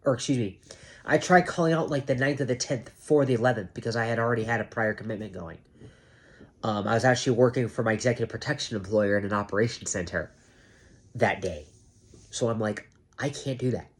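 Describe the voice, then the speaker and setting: A security guard venting to his camera, half awake, emphatic and cursing on purpose, often mimicking managers in a high mocking voice. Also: quick pace, slightly rough.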